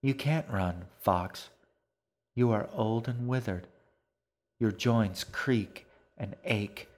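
A man voicing a young girl in an audiobook, quiet, deliberate and commanding. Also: on the low side. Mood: quiet menace. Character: young girl, quiet and steely, fierce when pressed. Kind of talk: audiobook character voice.

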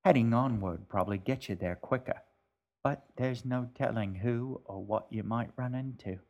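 A man's voice: mid-range voice, normal speed, darkish tone, highs cut off, close to an everyday voice. A man reading the lines of a wry, impatient boy in an audiobook. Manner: offhand, wry.

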